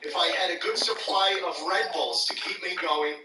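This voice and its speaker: A man giving crude, deadpan comedic commentary while playing games, recorded from a distance in a roomy space with loud music behind. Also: sits high, normal speed, background noise. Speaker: gaming video host. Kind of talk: joking gameplay commentary.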